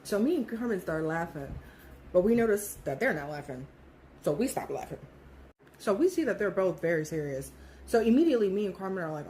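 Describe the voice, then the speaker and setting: A woman's voice: mid-range voice, brisk, a little hiss or hum. A woman in her thirties telling a personal story casually, animatedly acting out what people said and swearing freely. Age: 30s. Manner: animated, acts out quoted voices, swears freely.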